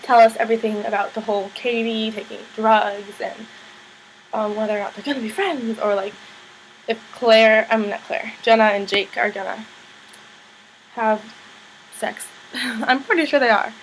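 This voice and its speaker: A fairly high-voiced young woman chats her way through a TV recap, peppering every sentence with "like" and slipping into the characters' lines. Her talk is loose and unscripted, as if she were telling a friend. A faint hiss sits under the voice. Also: fairly even intonation, normal speed, pauses often, low-quality recording. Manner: chatty, lots of "like", acts out characters' lines in higher voices. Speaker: vlogger recapping a TV show. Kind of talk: casual recap chat.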